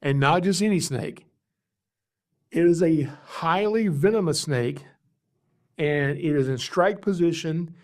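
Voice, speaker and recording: A man hosting a podcast, casually telling stories about his calls as a snake catcher, animated and chuckling as he acts out callers. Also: fairly high pitch, gravelly. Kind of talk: casual storytelling.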